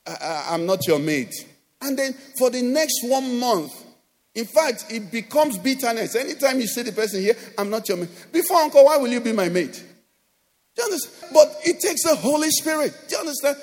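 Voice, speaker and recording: A man with a Nigerian accent preaching a sermon as pastor, animated, acting out quoted voices and often asking "do you understand?". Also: extremely high pitch. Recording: long hall reverb.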